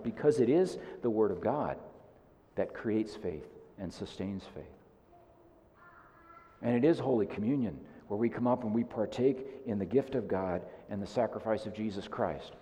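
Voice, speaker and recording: A male pastor preaching a sermon in an earnest, repetitive way, often dropping soft on key lines. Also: fairly low pitch, big-room sound.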